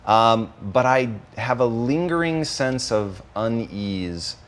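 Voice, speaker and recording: A man's voice: mid-range voice, expressive, takes it slowly. A man hosting an interview who talks in a reflective way, thinking aloud and telling a personal story. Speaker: host and company owner. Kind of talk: conversational interview.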